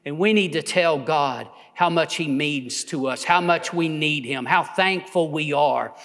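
A man preaching as a pastor, building to impassioned near shouts and then dropping low and quiet. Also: measured pace, hardly any pauses, in a large hall. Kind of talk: sermon.

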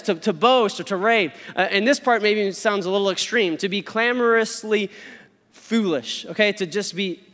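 A man preaching a sermon, explaining scripture with lively storytelling and frequent "okay?" check-ins. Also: high voice, long reverb tail. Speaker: pastor.

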